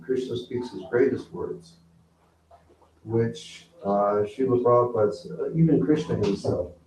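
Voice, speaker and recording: A man giving a spiritual talk, teaching slowly and asking the audience questions. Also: mid-range voice, dark tone, slight background noise. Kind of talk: sermon. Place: temple hall with audience. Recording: roomy, distant, dull hall recording.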